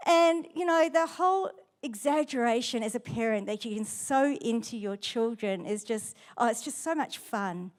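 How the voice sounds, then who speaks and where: A woman pastor giving a sermon in church with lively, playful storytelling. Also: sits high.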